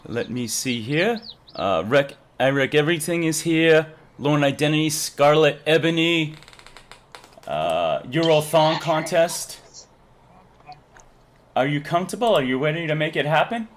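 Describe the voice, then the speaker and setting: Jokey man hosting a live stream, lively pitch. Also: a little slow, slight background noise. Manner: jokey, reads chat aloud, laughs often. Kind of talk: casual live stream chat.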